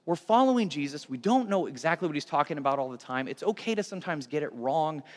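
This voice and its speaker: High-voiced man preaching in an echoing hall. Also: fast talker. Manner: conversational, animated, with repeated restarts. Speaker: pastor. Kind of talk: sermon.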